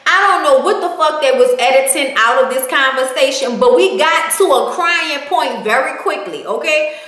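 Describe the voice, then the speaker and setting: A woman's voice: high voice, normal speed, a bit bright. A woman recapping a reality TV episode in casual, sassy, profane talk, ending her points with "okay?". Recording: echoey room.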